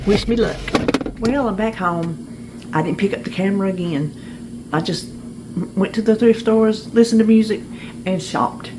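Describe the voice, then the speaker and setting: A woman's voice: medium pitch, background noise. Chatty woman in her sixties. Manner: chatty and folksy, laughs easily. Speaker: vlogger. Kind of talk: casual vlog chat. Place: in a car, then at home.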